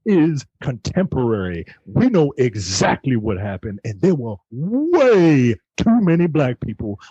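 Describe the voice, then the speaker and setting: Husky emphatic man reviewing a movie. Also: medium pitch, very animated, a little slow, mellow, no room sound, muffled recording. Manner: emphatic, profane, acts out quotes. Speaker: podcast co-host. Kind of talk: casual review chat.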